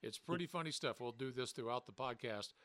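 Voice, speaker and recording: A man's voice: medium pitch, a little fast, no echo. A man co-hosting a casual wrestling podcast, joking around and laughing with his co-host. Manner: jokey, animated, breaks into goofy radio-DJ voice.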